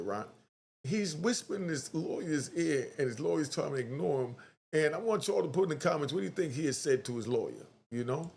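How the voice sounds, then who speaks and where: A man hosting a casual online commentary, talking straight to his viewers in an animated way and acting out quotes. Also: on the high side.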